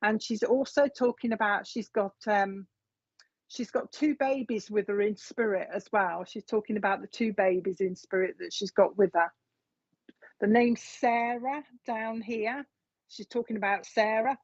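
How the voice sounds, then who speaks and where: A woman's voice: medium pitch, steady tone, measured pace, dry recording. Chatty woman giving readings. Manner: chatty, repeats messages from spirit. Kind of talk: live mediumship reading, casual chat. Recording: dull, dry lo-fi sound.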